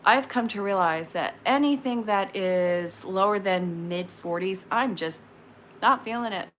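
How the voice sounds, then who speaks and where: A woman's voice: mid-range voice, background noise. Chatty woman in her thirties reading tarot. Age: 30s. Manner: chatty, frank, quick asides and laughs. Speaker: tarot reader on a live stream. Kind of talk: casual live-stream tarot reading.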